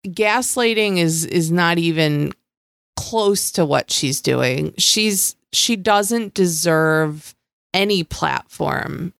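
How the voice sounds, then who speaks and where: Slow gravelly-voiced woman co-host. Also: lowish voice, lively intonation, a bit bright, dry recording, studio quality. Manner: blunt, swearing, sarcastic. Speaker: podcast co-host. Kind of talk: casual recap chat.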